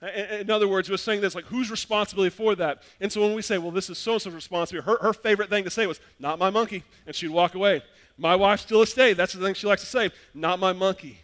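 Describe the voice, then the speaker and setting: A man preaching a sermon as pastor, telling lively stories that swing between loud bursts and hushed appeals. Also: sits high, racing.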